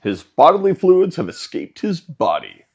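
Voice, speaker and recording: Wisecracking man with lively voice. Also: fairly high pitch, normal speed, slightly rough, highs cut off. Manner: wisecracking, sardonic. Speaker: host reacting to a film. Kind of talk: casual reaction chat.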